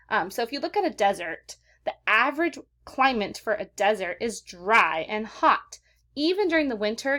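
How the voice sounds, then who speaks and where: Upbeat female teacher, slightly high pitch, clear and patient for a kids' lesson. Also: a bit bright. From California. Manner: upbeat, slows to stress key words. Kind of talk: recorded classroom lesson for kids.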